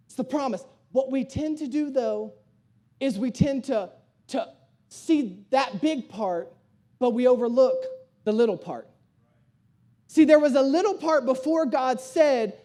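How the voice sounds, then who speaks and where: A young man pastor preaching a sermon, telling a family story in an animated way and repeating key phrases for emphasis. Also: very high-pitched, unhurried. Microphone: streamed sermon.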